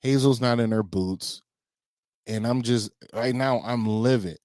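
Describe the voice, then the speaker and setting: A man co-hosts a podcast with an easygoing, conversational delivery and a mid-pitched voice. He tells stories and turns questions to his co-host. The recording is dry and close. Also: measured pace, darkish tone, no room sound. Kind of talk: casual chat.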